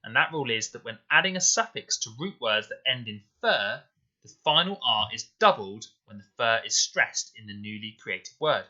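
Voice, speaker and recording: A man teaching a recorded spelling lesson to children, explaining slowly and clearly and repeating words with care. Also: medium pitch, animated, sharp tone, highs cut off. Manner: slow, clear, deliberate explanations. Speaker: primary school teacher. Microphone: voice-over to slides.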